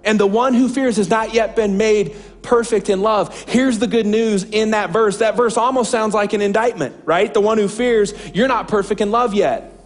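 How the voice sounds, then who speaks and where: A man's voice: high voice, normal speed, hardly any pauses. A man preaching a sermon as a pastor, impassioned and repeating phrases for emphasis.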